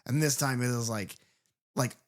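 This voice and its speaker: A man's voice: mid-range voice, normal speed. A man co-hosting a horror film podcast, talking in a casual, profane and jokey way. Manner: animated, profane, jokey asides. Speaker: podcast co-host.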